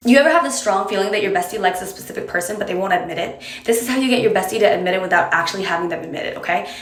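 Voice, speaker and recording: A woman talks straight to camera, handing out friendly advice in a chatty, direct manner. Her voice sits at a middling pitch. The room around her rings with a noticeable echo. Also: racing, slight background noise. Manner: direct, chatty, coaxing the viewer along. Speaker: advice creator. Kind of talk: casual advice monologue to camera. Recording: roomy echo.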